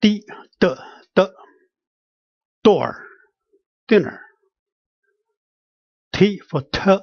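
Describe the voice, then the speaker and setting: Slow, halting pronunciation teacher. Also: mid-range voice, no echo, dull audio. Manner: slow and halting, with many fillers, repeating each sound. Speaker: language teacher. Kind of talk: pronunciation lesson.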